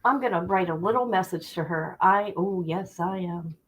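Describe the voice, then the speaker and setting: A woman's voice: lowish voice, normal speed, slight background noise, low-quality recording. A woman hosting a true-crime livestream, talking indignantly and directly to her viewers. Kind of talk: heated livestream commentary.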